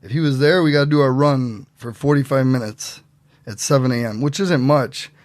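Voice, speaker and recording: A man telling stories as a podcast guest in a casual, animated way, acting out what other people said. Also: mid-range voice, normal speed, dry recording. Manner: animated, acts out quotes in voices. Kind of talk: casual storytelling.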